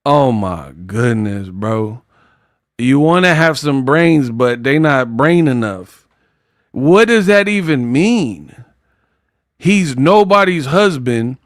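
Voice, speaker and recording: A man riffing through boxing commentary in slangy, animated mockery. His voice sits on the higher side for a man. The recording is dry and close. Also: no room sound. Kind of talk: mocking commentary vlog.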